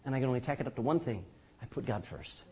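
An older man preaching a sermon as pastor, animated and joking, with rhetorical questions to his congregation. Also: medium pitch, fast, husky.

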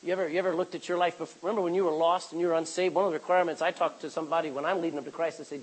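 A man preaches with animated energy, slipping into the voices of the people in his stories. His voice is pitched high and sounds husky, carried through a church. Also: quick pace, low-quality recording. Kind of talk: sermon.

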